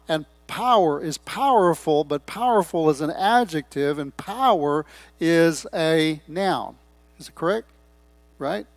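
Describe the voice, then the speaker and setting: Emphatic male preacher, fairly high voice. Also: expressive, unhurried, no echo. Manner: emphatic, stresses key words, asks the congregation questions. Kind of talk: sermon.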